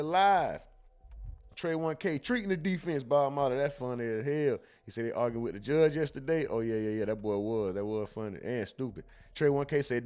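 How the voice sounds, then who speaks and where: Slangy man hosting a livestream. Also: medium pitch. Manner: slangy, reads chat comments aloud. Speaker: livestream host. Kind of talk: casual livestream chat.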